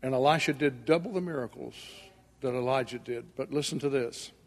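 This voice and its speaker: Speaking briskly at medium pitch, a male preacher tells his sermon as a folksy story and acts out the dialogue. The recording comes from an echoey hall with long reverb.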